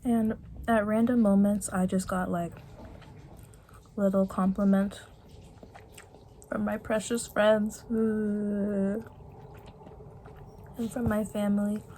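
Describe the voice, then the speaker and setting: Soft-spoken young woman, slow and halting. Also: medium pitch, flat delivery, a little hiss or hum. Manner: soft, halting, many fillers and restarts. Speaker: vlogger. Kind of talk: reflective personal vlog. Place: her bedroom.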